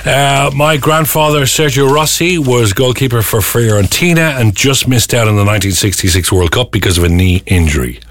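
A man's voice: mid-range voice, brisk, few pauses. A man with an Irish accent hosting a morning radio show, teasing his co-host and reading sponsor messages. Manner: playful, teasing. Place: radio studio.

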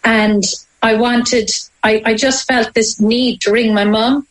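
A woman with an Irish accent, telling a deeply personal story as an interview guest, halting and emotional with frequent restarts. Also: steady tone, rough recording. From Ireland.

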